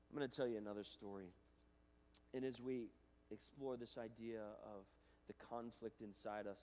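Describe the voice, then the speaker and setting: A man giving a chapel talk to students, animated and casual, swinging between loud and hushed, with plenty of fillers. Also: lowish voice, slight background noise. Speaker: guest speaker. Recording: reverberant hall.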